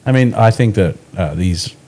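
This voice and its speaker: A man co-hosting a podcast in casual chat, easygoing and halting, with many fillers. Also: lowish voice, lively intonation, warm tone. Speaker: podcast co-host. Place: indoors podcast recording.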